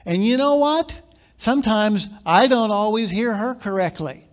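A man preaching a sermon as pastor, live in a church, telling stories in quiet asides and then building to loud, emphatic points. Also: sits high, normal speed.

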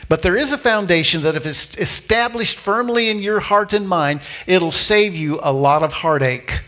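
A man preaching a sermon with a slightly higher voice than most men. He tells the story with energy, acting out the voices of its people, and slows down to repeat his key lines for emphasis. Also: pushed and bright. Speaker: pastor.

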